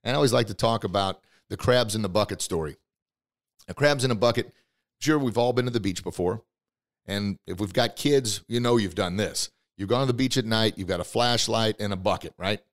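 A man hosting a podcast, giving a motivational talk with emphatic storytelling and acted-out quotes, swinging between loud bursts and quiet asides. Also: lowish voice, fairly quick. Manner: storytelling, emphatic and preachy, acts out quoted characters. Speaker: podcast host and motivational speaker.

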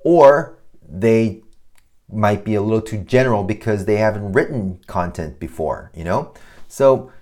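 A man's voice: on the low side, lively intonation, unhurried, a little mellow. A man hosting a design podcast, giving casual advice in a loose, swearing, ranting monologue. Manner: swears a lot, ranting, mocks clients in put-on voices. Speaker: podcast host.

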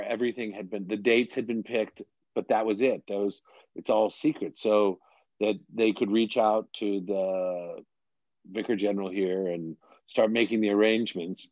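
A man's voice: lowish voice, steady tone, unhurried, darkish tone, dry recording, highs cut off. A man in his fifties from Washington, D.C., a bishop telling his story in a chatty, self-deprecating way in an interview.

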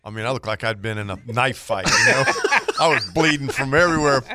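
A man's voice: medium pitch, expressive, fairly quick, pushed and bright, a little hiss or hum. A man, a charter fishing captain, telling a story in easygoing casual talk-show chat.

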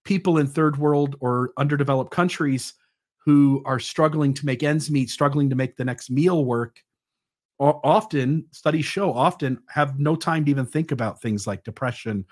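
A man's voice: fairly high pitch, normal speed. A man in his forties, a podcast guest who explains his ideas thoughtfully and with some fillers. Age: 40s. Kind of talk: conversational interview.

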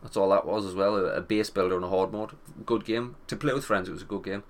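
Young male gaming vlogger, a touch low-pitched; loose, profane, wry chatter. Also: fairly even intonation, quick pace. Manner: rambling, sweary, wry. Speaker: gaming commentator. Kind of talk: casual gaming chat.

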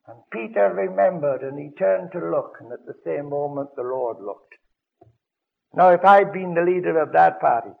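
An older man preaching a sermon on a radio broadcast, telling stories dramatically with sudden loud bursts, on a dull lo-fi old recording. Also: fairly high pitch, moderate pace, vocal fry. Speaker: evangelist preacher.

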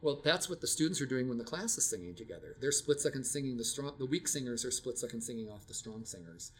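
A man's voice: medium pitch, expressive, fast talker. Older man recounting music-teaching stories. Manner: reflective, storytelling, frequent restarts. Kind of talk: casual teaching talk.

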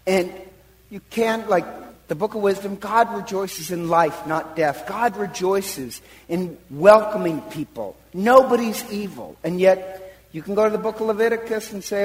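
A man, a priest, retelling a Bible story in a sermon, animated and full of acted-out quotes. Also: sits high, measured pace, big-room sound, rough recording. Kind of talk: sermon-style Bible teaching.

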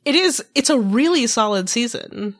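Relaxed woman podcast co-host. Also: fairly high pitch, normal speed, no echo, clean studio sound. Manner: relaxed, agreeable, laughs along. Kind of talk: casual chat.

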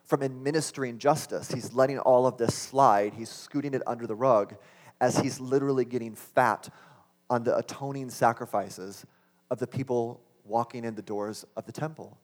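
A man's voice: medium pitch, steady tone, moderate pace. A man preaching a sermon, earnest and building to impassioned exclamations. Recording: long hall reverb.

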